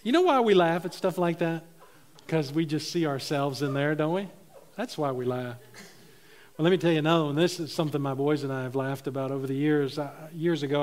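A man's voice: on the high side, a little mellow. A middle-aged man preaching a sermon, telling funny stories and laughing at his own jokes. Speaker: pastor.

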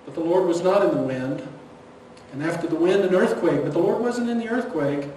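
A man, a pastor preaching a sermon in a church, swinging between loud emphasis and hushed near-whispers. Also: a little high, brisk. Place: church sanctuary. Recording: echoey hall, distant mic, faint noise.

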